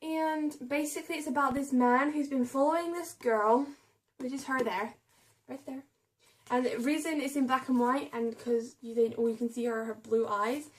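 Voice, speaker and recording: A young woman chatting casually about books she bought, reading blurbs aloud and stumbling over names and hard words. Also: high voice. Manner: reads book blurbs aloud. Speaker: book vlogger. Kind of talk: casual chat about a book haul.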